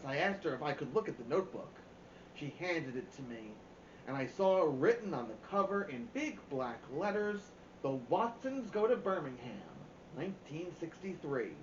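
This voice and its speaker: Lively man reading a story aloud. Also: fairly high pitch, reverberant, lo-fi sound, slight background noise. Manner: lively, voices the characters' quoted lines. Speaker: storytime reader.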